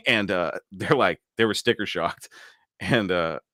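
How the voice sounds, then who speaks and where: Brief: low-pitched male host, chatty storyteller, dry close sound, laughs often. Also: unhurried, pushed and bright, no echo. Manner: laughs through stories, acts out quoted voices. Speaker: podcast host. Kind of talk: casual storytelling chat.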